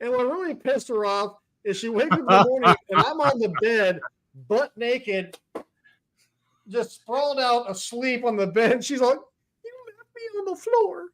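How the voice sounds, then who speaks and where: A man's voice: very high voice, normal speed, a bit bright, rough recording. A man in his fifties co-hosting a podcast, joking with lots of swearing and laughter in casual chat. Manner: profane, laughing banter. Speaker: podcast co-host.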